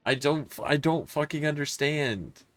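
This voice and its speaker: A man's voice: on the high side, lively intonation, unhurried, fairly bright tone, dry recording. A man streaming a horror game live, talking frankly and swearing as he mulls over a confusing match. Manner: frank, swearing, puzzled and self-critical. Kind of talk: casual gameplay commentary.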